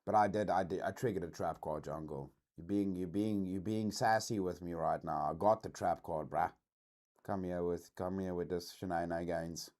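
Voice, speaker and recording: A man from South Africa with a South African accent, hosting a casual livestream reaction chat in a slangy, swearing, animated way. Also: deep voice, normal speed. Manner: animated, slangy, says dude a lot, swears. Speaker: streamer host.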